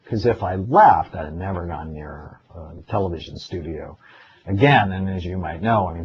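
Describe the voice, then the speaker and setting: A middle-aged man with a very low voice gives a relaxed webinar lecture, mixing advice with his own stories. He acts out the thoughts in his head as he goes. The audio is dull and lo-fi, with a faint hum of ambience behind him. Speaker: psychiatrist giving a webinar. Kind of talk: casual spoken lecture with personal stories.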